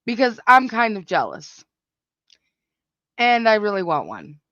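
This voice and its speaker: A woman's voice: mid-range voice, big pitch swings, measured pace, fairly bright tone, no room sound. A woman hosting a casual reaction chat, giggly, profane and exclamatory. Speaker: host reacting to clips. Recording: dull, dry lo-fi sound.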